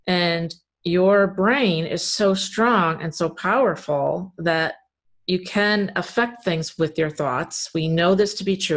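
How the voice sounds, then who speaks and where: Woman, podcast host; earnest, open, conversational, a touch low-pitched. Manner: earnest, enthusiastic, candid. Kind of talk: conversational interview.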